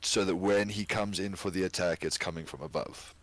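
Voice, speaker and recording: A man with a low, deep voice plays his turn in a tabletop game. He talks in an easygoing, casual way and takes his time. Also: fairly even intonation, a little fast, a bit bright, no room sound. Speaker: player.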